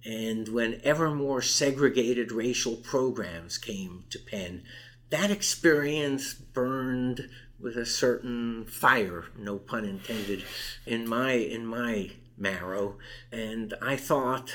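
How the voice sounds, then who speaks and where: Older male guest, mid-pitched, emphatic storyteller who voices the people he quotes. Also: slow, fairly bright tone. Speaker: interview guest. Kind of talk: recounting a campus case in conversation.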